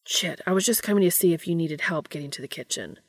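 A woman's voice: on the low side, quick pace, no room sound, clean studio sound, lightly acted. A woman reading a fan story aloud, voicing a practical, concerned younger brother in a matter-of-fact way.

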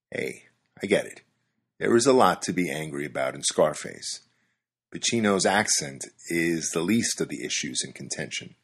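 Low, husky man with a wry delivery. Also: a bit bright. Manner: wry, conversational, amused. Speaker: commentator. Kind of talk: scripted monologue.

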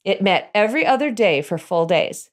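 A middle-aged woman telling a personal story in an animated way, chuckling as she goes. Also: medium pitch, moderate pace.

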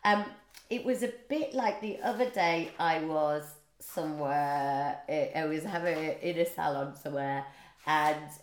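A woman's voice: low-pitched, unhurried. A woman in her forties with a Northeast English accent, rambling through a jokey casual monologue and laughing often. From northeast England. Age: 40s.

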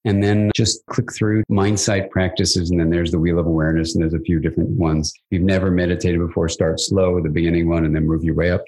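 A man's voice: sits low, fast, hardly any pauses, husky, poor audio. An older man, a psychiatrist guest in an interview, explaining ideas at length and telling stories with acted-out dialogue. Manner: animated storyteller, acts out quoted dialogue.

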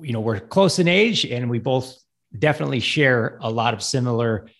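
A middle-aged firefighter on a podcast, chatting in a laid-back, halting way with lots of fillers. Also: male voice, mid-range voice, a bit bright. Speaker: podcast guest co-host, firefighter. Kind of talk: casual podcast chat.

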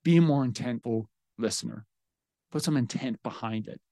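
A man, a podcast host, giving solo parenting advice in an earnest, coaching way and telling animated stories about his son. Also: mid-range voice, moderate pace, creaky, dry recording, clean studio sound. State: getting emotional.

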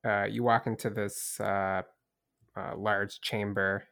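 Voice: deep voice, flat delivery, takes it slowly, vocal fry, fairly bright tone, smooth, no room sound, clean studio sound. A game master narrating a tabletop game in a hesitant way, with many restarts.

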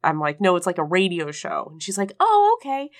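A woman co-hosting a podcast. She is sick and her voice sits lower than usual, and she tells stories in a casual, animated way, acting out the quoted voices. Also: quick pace. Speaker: podcast co-host. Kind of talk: casual storytelling chat.

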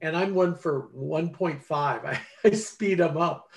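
Man over forty, author in an interview, fairly high voice, lively storytelling, acts out dialogue. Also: moderate pace, few pauses. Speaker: ghostwriter and author. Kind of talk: casual interview talk.

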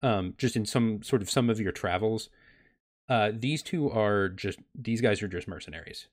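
A man's voice: lowish voice, normal speed. A man acting as game master of a tabletop game, talking in an easygoing way with many fillers.

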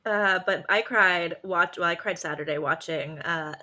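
A woman's voice: on the low side, unhurried. A woman in her thirties co-hosting a podcast, telling stories in casual chat with lots of swearing and laughter. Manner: animated, swearing, laughing storyteller. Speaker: podcast co-host.

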